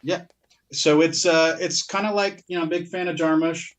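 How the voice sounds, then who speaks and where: A man's voice: fairly high pitch, fairly even intonation, normal speed. A man co-hosting a podcast, chatting casually about his purchases, rambling and breaking off mid-sentence with frequent laughs. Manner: rambling, self-interrupting, laughs often. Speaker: podcast co-host.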